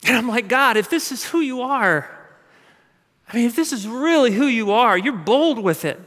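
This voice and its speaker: A man preaching a sermon, telling stories with lively repeated stammered starts, jet lagged and emotional. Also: very high voice, moderate pace. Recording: long hall reverb.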